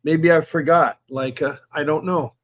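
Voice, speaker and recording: A man's voice: fairly high pitch, steady tone, measured pace, muffled recording. Chatty man hosting a call-in stream. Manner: chatty, repeats himself, talks straight to viewers. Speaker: host of a call-in livestream. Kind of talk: casual live-stream chat, reading viewer comments.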